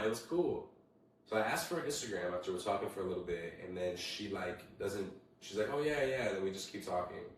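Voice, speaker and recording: A young man with a low voice hosts a casual solo podcast, swearing freely as he tells animated stories. His voice sits a little away from the mic. A heavy room echo surrounds every word. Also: recorded from a distance. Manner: animated storytelling, heavy swearing, acts out quotes. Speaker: podcast host.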